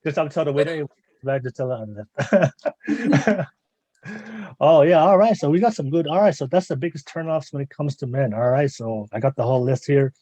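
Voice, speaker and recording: A man's voice: on the high side, normal speed, dry recording. Easygoing male podcast host. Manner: relaxed, filler-heavy, prompting guests. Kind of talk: casual chat.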